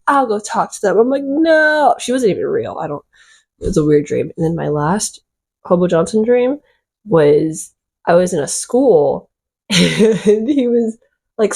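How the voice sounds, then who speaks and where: A woman vlogger telling a rambling, excitable storytime, full of fillers and little giggles. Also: mid-range voice, breathy edge. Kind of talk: casual storytime chat.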